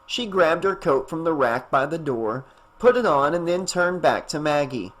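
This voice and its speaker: A man's voice: a little high, lively intonation, unhurried, a bit bright. Man narrating an audiobook. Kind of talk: scripted narration.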